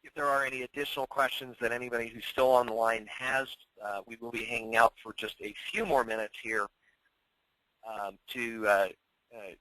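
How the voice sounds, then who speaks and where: Hoarse male webinar host, bright edgy tone, dead-dry sound. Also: medium pitch, no room sound, low-quality recording. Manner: filler-heavy, repetitive announcements. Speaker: webinar presenter and coach. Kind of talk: webinar sign-off.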